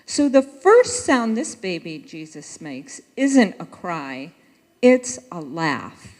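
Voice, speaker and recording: A woman leading a live church pageant, chatty and warm in tone, often losing her place and correcting herself. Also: on the low side, very animated, slow pace. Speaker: worship leader directing a pageant. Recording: echoey church sanctuary.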